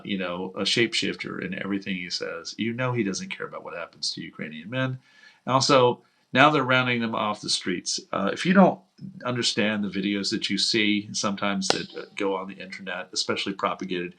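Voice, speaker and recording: A man's voice: on the low side, bright, forceful tone. A man from Houston hosting political commentary, talking in a blunt, profane, heated rant. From United States (Houston). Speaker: host.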